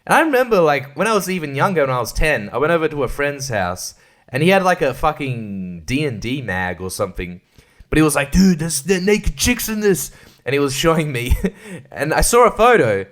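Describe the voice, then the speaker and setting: Crude, rambling, fairly high-voiced man. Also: big pitch swings, fairly quick, fairly bright tone. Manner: crude, rambling and profane, laughs often. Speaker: podcast host. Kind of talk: casual solo podcast monologue.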